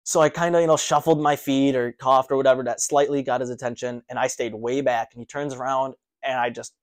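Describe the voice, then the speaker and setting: A man's voice: mid-range voice, a little fast, hardly any pauses. Man animatedly recounting a running story. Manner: animated, breathless recounting with restarts. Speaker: runner telling his own story. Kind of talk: casual personal storytelling.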